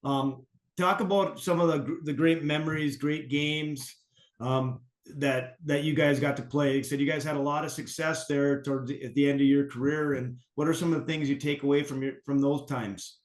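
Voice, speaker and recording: Male podcast host, meandering questions, lightly raised pitch, echoey recording. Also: fairly even intonation. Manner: halting, with many fillers and restarts. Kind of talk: interview questions. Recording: roomy echoey mic.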